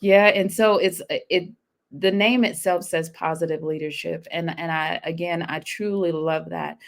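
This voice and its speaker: Female interviewer, lower register, affirming and reflective. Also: steady tone, moderate pace, gravelly. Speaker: interviewer host. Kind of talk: casual interview talk.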